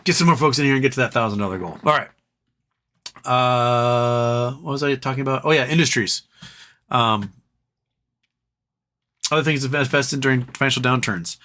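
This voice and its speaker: A man hosts a laid-back live stream, drifting between topics and reading chat aloud while his voice tires. He talks at a normal speed with frequent pauses, at a medium pitch with a pushed, bright quality.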